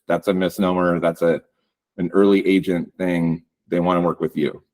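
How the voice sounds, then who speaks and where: A man giving a casual webinar talk on real estate branding, relaxed and loose with lots of ums and likes. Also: deep voice, normal speed. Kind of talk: webinar presentation.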